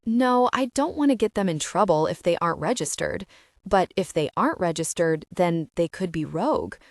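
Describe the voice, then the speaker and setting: A woman's voice: lowish voice, expressive, moderate pace, darkish tone, no echo, studio quality. A woman voicing a prickly, guarded teenage vampire girl in an audiobook, curt and defensive.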